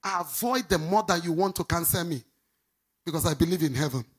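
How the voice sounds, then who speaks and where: A middle-aged woman pastor preaching a sermon, swinging from loud outbursts to quiet asides. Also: a little fast, husky. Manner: animated preaching, swinging between shouts and low asides.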